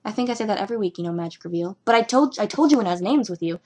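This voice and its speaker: A young woman casually reviewing a TV episode at home, rambling and giggling through animated asides. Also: medium pitch, racing, slightly rough.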